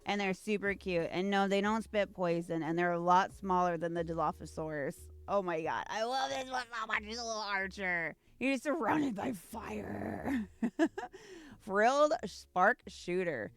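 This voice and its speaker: A woman's voice: mid-range voice, a little slow, clean tone, dry recording. A young woman opening trading card packs at home, gushing over the art and reading card text aloud. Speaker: card-unboxing YouTuber. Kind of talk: casual card unboxing commentary.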